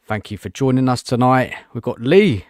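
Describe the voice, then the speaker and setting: A man's voice: medium pitch, animated, normal speed, darkish tone, dry recording, studio quality. A man hosting a casual football fan live show, chatty and greeting viewers, saying "mate" often. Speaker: host.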